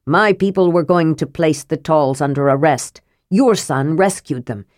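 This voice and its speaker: A scheming dwarf lord with a smooth, sneering delivery, as a woman reader puts him on. His voice sits low and close, with a dry, deadened sound. He speaks like a villain in a storybook. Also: a little slow, a little mellow, no room sound. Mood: sly. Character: scheming male dwarf ruler, sly villain.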